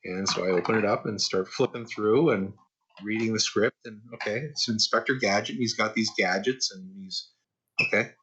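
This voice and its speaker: A man's voice: fairly low pitch, moderate pace. A man in his sixties, a guest animation artist, casually telling stories from his career in a podcast interview with frequent fillers and repeats. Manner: relaxed anecdotal, frequent "uh" and repeats.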